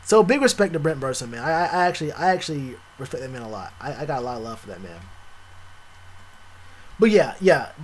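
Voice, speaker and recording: A young man streaming live, chatting casually with viewers, animated and repetitive, full of slang. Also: a little high. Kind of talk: live stream reaction chat.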